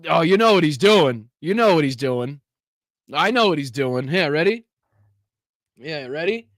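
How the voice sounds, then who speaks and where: Profane, incredulous high-voiced male host. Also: lively intonation, measured pace, a bit bright, dry recording, studio quality. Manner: profane, incredulous, laughs often. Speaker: political commentary host. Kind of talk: live-stream reaction commentary.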